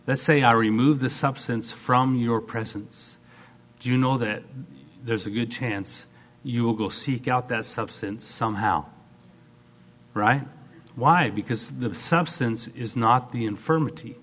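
A male preacher delivering a sermon with an animated delivery. He acts out quoted voices and swings between loud, quick bursts and soft, drawn-out lines. His voice sits at an ordinary middle pitch.

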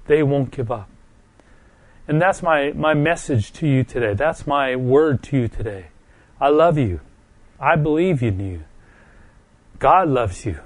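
A middle-aged man gives a heartfelt sermon in a gentle, earnest voice of ordinary pitch, pausing and circling back on his words. He is still recovering from a stroke and his voice carries a tender emotion. The sound is dry and close, with no room echo. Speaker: preacher.

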